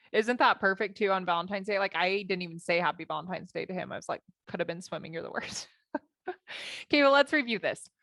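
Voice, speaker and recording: A woman life coach speaking in a lively, chatty way and acting out her own inner thoughts as she tells a story. Her pitch sits in a middle range. The sound is close and dry, with almost no room echo. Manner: animated, acts out her own thoughts in quotes. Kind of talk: coaching talk with personal story.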